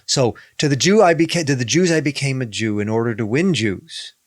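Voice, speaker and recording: A man's voice: medium pitch, brisk, no room sound, studio quality. A man, a rabbi, in a podcast discussion, speaking emphatically, repeating key phrases and reading scripture aloud.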